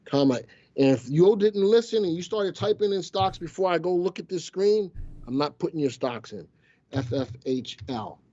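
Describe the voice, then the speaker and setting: A man's voice: medium pitch, a little mellow, highs cut off, a little hiss or hum. A man hosting a casual live stock-market show, teasing his viewers and crew as he talks. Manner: playful, teasing banter with chat. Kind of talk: casual live-stream commentary.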